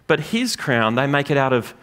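A man preaching a sermon in a church, lively and joking with the congregation. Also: mid-range voice, moderate pace. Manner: lively, animated preaching with jokes. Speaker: pastor. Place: church gathering room.

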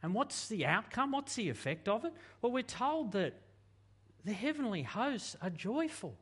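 A man preaching a sermon in an animated, conversational way, full of rhetorical questions. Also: high voice, a little slow, slightly rough. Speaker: pastor.

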